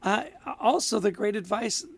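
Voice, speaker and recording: A man's voice: sits high, normal speed, gravelly, slightly rough, no echo. A man co-hosting a podcast in casual chat, upbeat and friendly, laughing easily as he bounces ideas off his co-host.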